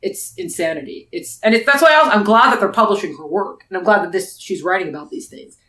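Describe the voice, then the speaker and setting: A woman's voice: medium pitch, sing-song, quick pace, fairly bright tone. Woman, podcast co-host, rambling casual chat, echoey room. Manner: chatty, rambling, lots of restarts. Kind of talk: casual book review chat.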